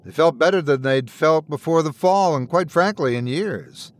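A man narrating a scripted horror story with a dramatic, expressive delivery. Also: a little high, moderate pace.

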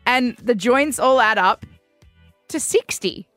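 A playful woman co-hosting a breakfast radio show, her voice a bit higher than most. She teases her co-host and giggles easily, with faint music under her. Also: animated, slow pace, a bit bright. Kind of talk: casual radio banter. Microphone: studio microphone.

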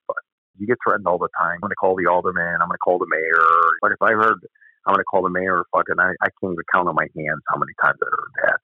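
In this storytelling interview, an ex-cop recounts his time on the job with gravelly bluntness and plenty of profanity. His voice sits low, and the dry, phone-like recording has no echo.

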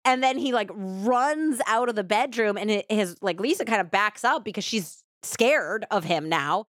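A woman hosting a true crime podcast, retelling the case in a casual, animated way full of quoted voices and asides. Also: mid-range voice, moderate pace, no echo, clean studio sound. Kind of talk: casual storytelling narration.

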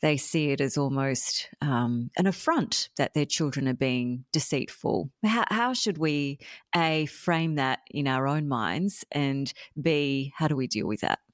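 A woman host with a low voice, recorded dry and close. She asks curious, carefully structured questions. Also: lively intonation, a little slow, no room sound. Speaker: interview host. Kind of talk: interview questions.

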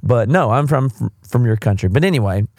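A man's voice: mid-range voice, lively intonation, a little fast, darkish tone, no room sound, clean studio sound. A man with a Southern US accent from South Carolina, hosting a podcast and giving candid, rambling commentary on listener questions. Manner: rambling, candid, self-correcting. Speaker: podcast host.

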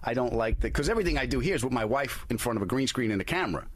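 New man hosting a podcast, intense and rapid-fire, very expressive inflection, dry close mic. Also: medium pitch, slightly rough, no room sound. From New York. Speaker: podcast host. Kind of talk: casual podcast chat.

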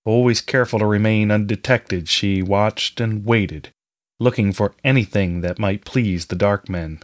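A man reading a fantasy story aloud in a measured, steady storytelling manner. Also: on the low side. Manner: measured storytelling, reading all parts himself. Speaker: audiobook narrator. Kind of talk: scripted fantasy narration.

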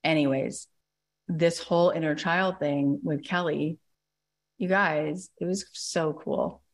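A lower-voiced American woman in middle age fires off motivational advice with excitable, emphatic energy. She drops into little quoted exchanges and keeps a lively, urgent push behind every point. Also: slow pace. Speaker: podcast host and business coach. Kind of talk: energetic motivational live talk.

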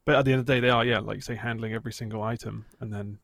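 Fast-talking sweary English podcast man. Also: fairly low pitch, creaky, no room sound. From England. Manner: quick, sweary, animated storytelling. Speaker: podcast co-host. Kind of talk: casual chat. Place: home room. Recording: dry home setup.

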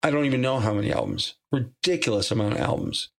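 A man's voice: mid-range voice, animated, fast talker, gravelly, a bit bright. Rambling, easygoing male podcast guest. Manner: rambling, many restarts and fillers, laughs easily. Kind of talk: casual storytelling interview.

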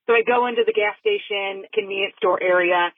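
A woman's voice: medium pitch, fairly even intonation, a little fast, dry recording, narrow, tinny audio. A woman caller telling a funny anecdote, giggly and breaking into laughter as she goes.

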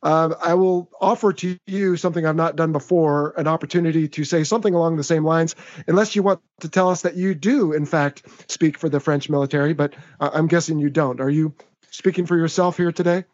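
A man's voice: a little high, steady tone, brisk, darkish tone, dull audio. An American man hosting a podcast, talking in an upbeat, chatty, slightly rambling way. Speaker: podcast host. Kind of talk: casual podcast talk.

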